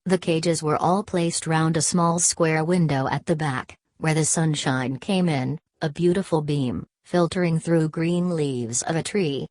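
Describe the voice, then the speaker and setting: Low-voiced woman reading an audiobook. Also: fairly even intonation, measured pace, hardly any pauses, a little mellow, no room sound. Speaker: audiobook narrator. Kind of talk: scripted narration.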